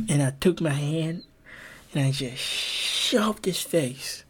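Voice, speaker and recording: A young man co-hosting a podcast, telling stories in a casual, animated way, swearing freely and laughing as he goes. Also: fairly high pitch, a little slow, slightly rough. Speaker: podcast co-host. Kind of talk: casual storytelling.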